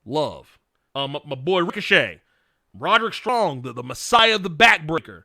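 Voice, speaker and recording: A man hosting a livestream, chatting frankly and excitably, laughing often and swearing as he answers viewer questions. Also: fairly high pitch, normal speed, vocal fry, no echo, studio quality. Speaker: livestream host.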